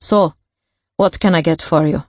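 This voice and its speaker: A woman's voice: deep voice, a little slow, darkish tone, no room sound, clean studio sound. A woman narrator voicing a guarded, needling female barkeep with a German accent.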